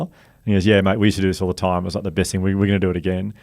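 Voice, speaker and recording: A middle-aged Australian man, a podcast guest, telling animated stories and acting out the quoted voices. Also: racing, no room sound, clean studio sound. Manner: animated, acts out quoted voices loudly and high. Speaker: guest, author and speaker. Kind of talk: casual storytelling chat.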